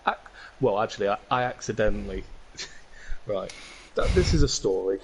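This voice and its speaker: A man's voice: fairly low pitch, normal speed. Young male podcast co-host, chatty rambling storyteller, noisy recording. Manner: rambling, restarts and self-corrections. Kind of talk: casual storytelling. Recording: noticeable background noise.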